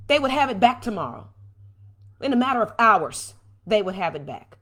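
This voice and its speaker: A woman's voice: mid-range voice, normal speed. A woman hosting a livestream from home, speaking with passion and answering viewer comments. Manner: impassioned, animated, reads and answers viewer comments. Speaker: host.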